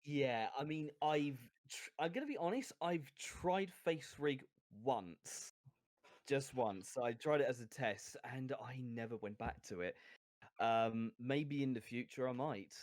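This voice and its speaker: A man's voice: mid-range voice, animated, a little slow, no room sound, studio quality. A young man, a guest on a casual podcast recorded over a voice call, speaking hesitantly and laughing at himself. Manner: hesitant, self-deprecating, laughs often. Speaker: guest streamer. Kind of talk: casual chat. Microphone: home mic over a voice call.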